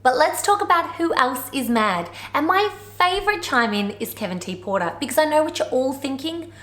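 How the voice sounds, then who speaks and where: A woman's voice: high voice, animated, normal speed, a bit bright, roomy sound. Wry woman doing sarcastic commentary. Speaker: commentary vlogger.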